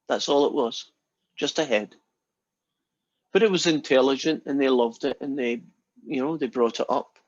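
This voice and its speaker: Here a male math lecturer trades jokes with students, using their names in a loose, chatty, playful manner. His pitch is medium, and the audio has its high frequencies cut off.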